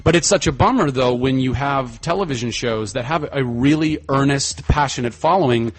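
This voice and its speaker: A man chatting casually as a podcast guest, enthusiastic and animated, often trailing off into fillers. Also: mid-range voice, normal speed. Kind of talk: casual chat.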